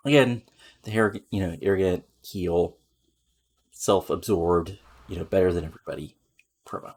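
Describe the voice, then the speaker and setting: Man, low husky voice, gravelly, casual gameplay commentary, rambling. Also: normal speed, darkish tone. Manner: rambling, filler-heavy. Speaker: let's play commentator.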